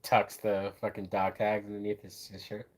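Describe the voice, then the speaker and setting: A man's voice: lowish voice, monotone, normal speed. A man hosting a live watch-along, giving casual, profane, enthusiastic commentary on a film as it plays. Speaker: movie reaction host.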